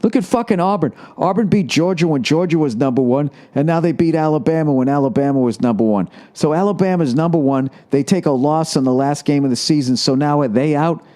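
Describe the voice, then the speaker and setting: A man riffs through a solo podcast rant, cursing constantly with a sarcastic edge. His voice has a warm, dark tone, and he sounds riled up. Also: on the high side, fairly quick, hardly any pauses. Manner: profane, ranting, sarcastic; riled up about sports. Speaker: podcast host.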